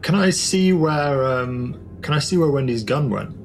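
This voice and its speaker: A man player in a tabletop game, speaking in a quiet, matter-of-fact way. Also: fairly high pitch, expressive, unhurried, faint music behind. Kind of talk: casual game play.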